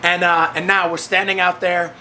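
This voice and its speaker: A high, bright man's voice, animated and storytelling, acting out the quoted voices with big leaps in pitch. He speaks casually as a host, over a faint hiss of background noise. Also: moderate pace. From United States. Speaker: host of the fitness training program.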